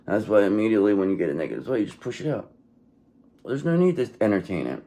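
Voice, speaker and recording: A man's voice: fairly low pitch, big pitch swings, quick pace, dark tone, slight background noise. A man giving a casual tarot reading, blunt and profane, who keeps checking in with "okay". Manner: blunt, profane and repetitive, often says okay. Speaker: tarot reader.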